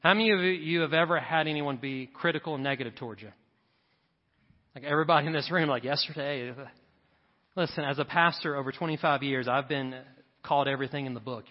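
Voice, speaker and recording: In a sermon echoing with long reverb through a big church hall, a middle-aged male pastor's voice sits on the high side and is slightly raised. He drives his points home with mounting emphasis and brief asides to the crowd, though the recording sounds a little dull.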